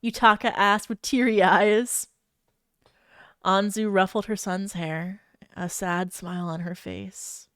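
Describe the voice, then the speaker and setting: A woman's voice: medium pitch, fairly even intonation, slow, a bit bright, clear, resonant tone, dry recording, studio quality. A woman streamer reading fanfiction aloud and breaking off to react with giggles and exclamations.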